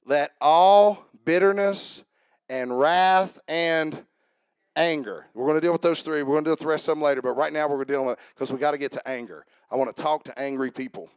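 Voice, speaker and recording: A man preaching a sermon as pastor, lively and interactive, calling on his congregation to answer and come up front. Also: mid-range voice, racing, hardly any pauses, dry recording, studio quality. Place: church.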